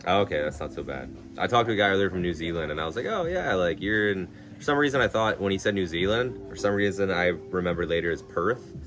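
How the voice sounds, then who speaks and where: A man's voice: low voice, fast, hardly any pauses. A young man chatting casually on a live stream, blunt and swearing a lot, filling his talk with "like". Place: outdoors in a town at night. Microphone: phone. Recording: music playing behind.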